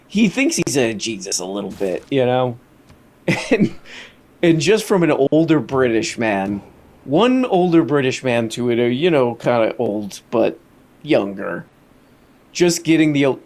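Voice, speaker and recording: A man's voice: medium pitch, very animated, a little slow, darkish tone. A man casually commenting on an interview clip during a live stream, laughing often and mimicking the people in it.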